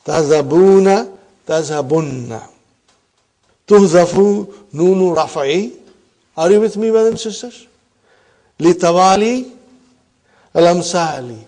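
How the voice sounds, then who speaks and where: Teacher quizzing his class, mellow voice. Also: high-pitched, animated, slow, long pauses. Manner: explains and quizzes students with frequent "huh?". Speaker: Arabic teacher. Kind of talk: classroom grammar lesson.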